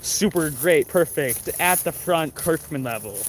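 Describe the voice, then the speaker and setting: A man's voice: on the high side, animated, unhurried. A man chatting casually on a livestream as he walks through woods by a creek, rambling with many fillers and restarts. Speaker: livestream host. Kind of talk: casual livestream chat while walking. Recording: faint outdoor background noise.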